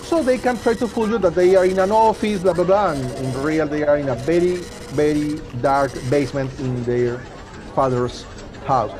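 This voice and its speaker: Higher-voiced man presenting a security webinar. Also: music in the background. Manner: halting, repeats and restarts words. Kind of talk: live webinar talk.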